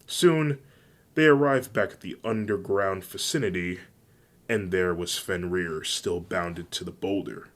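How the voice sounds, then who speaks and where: A man reading a fan fiction story aloud in a plain, even way. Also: deep voice, a little slow.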